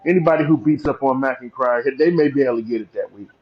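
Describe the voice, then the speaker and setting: A man's voice: mid-range voice, fast, a crowd in the background. Laid back podcast guy, drags words out, kinda muffled lo-fi mic. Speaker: podcast co-host. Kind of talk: casual wrestling chat. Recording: slightly dull lo-fi sound.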